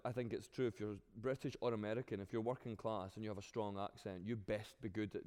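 A man with a Glaswegian accent, an actor answering interview questions in an animated way, often restarting his sentences. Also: mid-range voice, long reverb tail.

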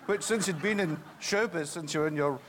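A man's voice: on the high side, fairly quick, background noise. A man hosting a stage interview, polite and genial, turning to address the audience. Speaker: host. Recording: long hall reverb.

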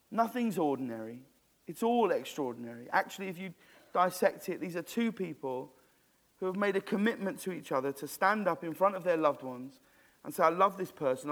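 A man being interviewed on stage, telling a story in an animated, rambling way with many restarts. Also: high-pitched. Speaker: guest.

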